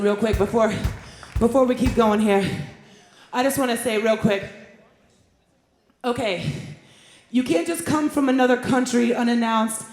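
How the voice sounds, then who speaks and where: A woman singer chatting playfully with the audience between songs on a live stage. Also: fairly high pitch. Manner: playful, teasing, quick asides. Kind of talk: onstage banter between songs. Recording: roomy live venue sound. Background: faint band and crowd.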